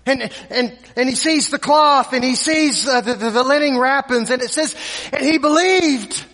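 A man delivers a sermon in a strikingly high, bright voice, slow and deliberate, stumbling over repeated words as he retells the story. The sound carries a long reverb, as if from a large hall. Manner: repeats words, dramatic pauses, voices characters in quotes. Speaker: preacher.

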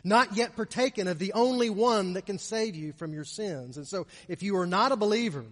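A man preaching a communion sermon in a church, often repeating words and swinging from loud to soft. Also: high-pitched, moderate pace, big-room sound. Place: church sanctuary.

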